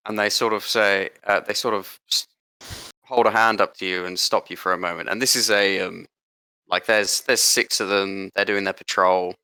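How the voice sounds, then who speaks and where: A man narrates as game master in a relaxed, rambling way, pausing on fillers. His lowish voice is gravelly and bright, recorded close and dry. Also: dry recording, low-quality recording.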